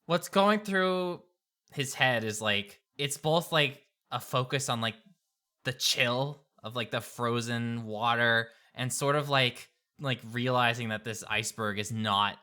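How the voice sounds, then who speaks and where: A man's voice: medium pitch, a little slow, pushed and bright, clean tone. A man playing in a tabletop game, rambling with lots of filler words. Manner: rambling, says "like" a lot. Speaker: player. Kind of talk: tabletop role-play.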